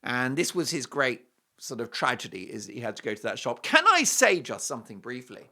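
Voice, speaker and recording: Animated male talk host. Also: medium pitch, a little fast. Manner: animated, jokey, emphatic. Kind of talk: opinionated commentary with a read ad.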